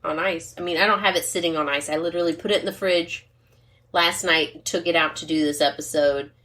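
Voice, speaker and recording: A woman's voice: on the low side, steady tone, a little fast, fairly bright tone. A middle-aged woman co-hosting a podcast, chatting casually over wine, rambling off on tangents and laughing at her own jokes. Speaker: podcast co-host.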